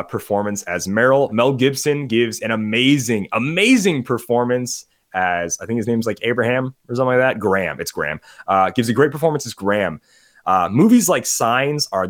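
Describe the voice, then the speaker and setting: A man chatting casually on a podcast about movies he watched, rambling, getting sidetracked and laughing often. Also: fairly low pitch. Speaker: podcast host. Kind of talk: casual movie review chat.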